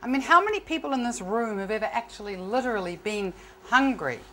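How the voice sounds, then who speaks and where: A woman's voice: a little high, expressive, fairly quick, sharp tone. A woman telling stories in a one-woman comedy show on a theatre stage, wry and self-mocking. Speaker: solo stage performer.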